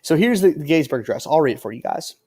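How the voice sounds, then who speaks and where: A man gives a classroom lecture on history in a casual, rambling style, full of fillers and frequent "okay?" check-ins. His voice is a little high, animated, and warm, slightly rough, and he talks in a rapid-fire way.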